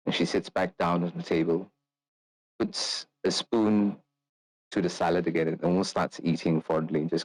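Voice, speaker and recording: A man's voice: low-pitched, level tone, normal speed, no echo, low-quality recording. A man narrating as game master in a tabletop game, rambling with many fillers and restarts.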